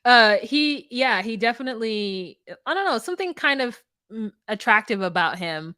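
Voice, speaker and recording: A woman's voice: fairly high pitch, animated, moderate pace, bright, forceful tone, smooth, no room sound, studio quality. A woman co-hosting a podcast in casual chat, laughing often and rambling through her thoughts with many restarts. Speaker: podcast co-host. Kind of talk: casual chat recapping a reality show.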